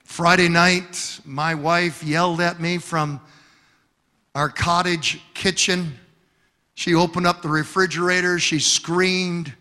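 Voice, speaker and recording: Male pastor, bright and high, slow, deliberate sermon delivery, humorous storyteller. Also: little pitch movement, big-room sound. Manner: storytelling with humor and emphatic repetition.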